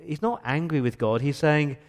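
A man's voice: a little high, moderate pace. A male pastor preaching an earnest, emphatic sermon in a church, often repeating words as he builds his point.

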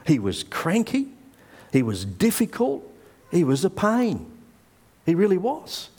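A man's voice: fairly high pitch, a little mellow. A middle-aged man, preaching a sermon in a conversational, earnest way and telling a personal story.

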